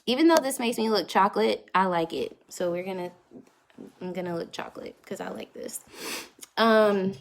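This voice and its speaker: With a medium-pitched voice, vocal fry and a moderate pace, this young North Carolina vlogger livestreams from home on her phone's front camera. She casually answers live comments and laughs a lot.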